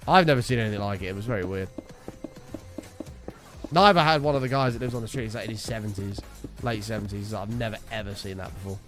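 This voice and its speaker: A man's voice: on the low side, quick pace, pauses often, faint music behind. A young man streaming a game, casually telling a story, swearing freely and acting out his own quotes. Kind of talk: casual storytelling while gaming.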